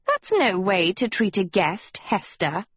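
A woman voicing a young witch girl turned withered hag, speaking in a soft, eerily sweet, pleading way. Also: mid-range voice, very animated, a little slow, slightly rough, no room sound, full character voice. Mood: wistful.

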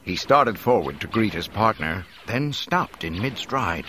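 Deep, expressive audiobook narrator. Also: male voice, unhurried, few pauses, a little hiss or hum, rough recording. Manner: expressive, varied delivery.

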